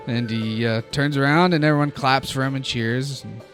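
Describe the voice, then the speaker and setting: A man's voice: medium pitch, moderate pace, hardly any pauses. A man narrating and running a tabletop game in a casual, laughing manner. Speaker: game master. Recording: background music. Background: music.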